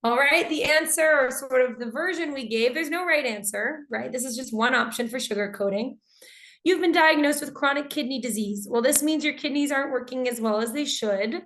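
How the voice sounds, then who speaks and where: A woman's voice: high-pitched, normal speed. Woman teaching an online English class. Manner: reads student answers aloud and comments warmly on them.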